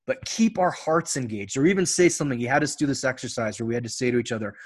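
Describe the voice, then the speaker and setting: A podcast host speaks alone to his audience of men in an earnest, coaching way. His voice is husky and sits at a middle pitch for a man. He swears now and then in a loose, casual manner. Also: lively intonation, fairly quick. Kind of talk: solo podcast monologue.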